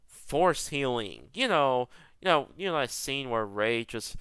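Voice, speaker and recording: A man's voice: mid-range voice, animated, a little slow, a bit bright, clean tone, dry recording, clean studio sound. A young man delivering an exasperated rant to camera, full of rhetorical questions and repeated words. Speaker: YouTuber. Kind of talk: ranting commentary.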